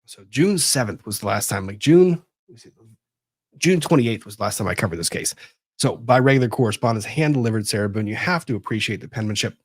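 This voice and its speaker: A man hosts casual legal commentary, rambling and talking to himself as he hunts for documents, disorganized after a move. His voice is on the low side and slightly rough, captured in clean studio sound with no echo.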